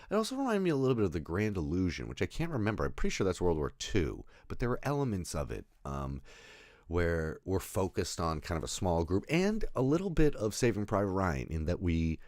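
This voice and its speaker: A man's voice: sits low, huge pitch swings, moderate pace, darkish tone, no echo, clean studio sound. A man giving a casual, rambling film review, often restarting his sentences, laughing at his own jokes and swearing.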